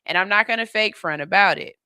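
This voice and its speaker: Bright-voiced woman radio host. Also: medium pitch, a little fast, smooth, no echo, studio quality. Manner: animated, playful, gushing, then firm and reasoned. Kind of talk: casual opinion talk.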